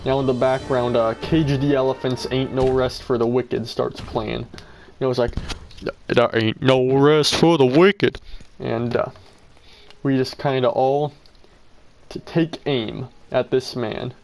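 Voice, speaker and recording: A man telling a comic story about his role-play game in a deadpan, mock-dramatic way. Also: medium pitch, a little slow, vocal fry, faint music behind.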